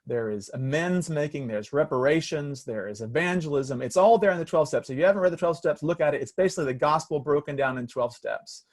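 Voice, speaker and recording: A man's voice: fairly high pitch, lively intonation, a little fast, hardly any pauses. A man, a pastor, telling a story in an earnest, reflective sermon style with frequent restarts, speaking over a video call.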